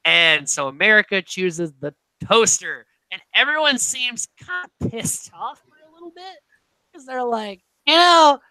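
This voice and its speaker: A young woman co-hosting a casual podcast, recapping a reality show with animated storytelling, acting out quotes, laughing and swearing freely. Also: medium pitch, unhurried, no echo, poor audio. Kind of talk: casual chat.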